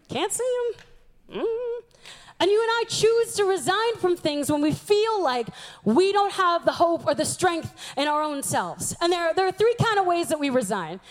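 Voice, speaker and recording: A woman in her twenties giving an animated sermon, acting out the voices she quotes. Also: very high voice. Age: 20s.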